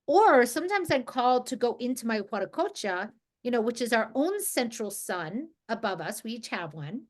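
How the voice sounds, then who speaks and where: Relaxed woman leading a group call. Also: fairly high pitch, moderate pace. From New Jersey, USA. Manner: relaxed, rambling, with frequent restarts. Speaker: energy healing group facilitator. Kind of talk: casual guided group talk. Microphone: video call.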